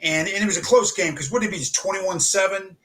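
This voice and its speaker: Male sports-talk co-host, bright and forceful, chatty and eager. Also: high-pitched, fast talker. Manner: chatty, eager questions, brief affirmations.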